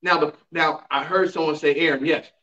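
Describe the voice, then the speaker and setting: Bright and forceful, his voice runs on the high side with a steady tone and a fairly quick pace. In the church sanctuary this pastor teaches Bible class, preaching emphatically with call-and-response and rhetorical questions to the congregation. A distant mic makes it roomy and dull.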